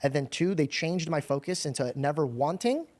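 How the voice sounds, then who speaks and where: A man's voice: fairly high pitch, moderate pace, a little mellow. A man hosting a podcast who tells earnest personal stories in a casual, slangy way. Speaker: podcast host.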